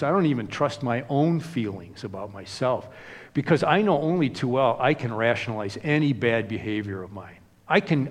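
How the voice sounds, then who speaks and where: A man's voice: mid-range voice, in a large hall. A man preaching a sermon in a conversational way, with many casual asides. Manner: conversational, frequent "you know" asides. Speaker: pastor.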